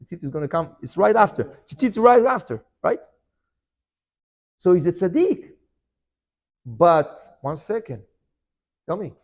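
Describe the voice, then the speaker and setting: A middle-aged man teaching a lively Torah lesson. His voice sits high and leaps up and down as he throws questions at his listeners. He scatters Hebrew terms through his explanations. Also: a little slow, pauses often. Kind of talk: animated Torah class.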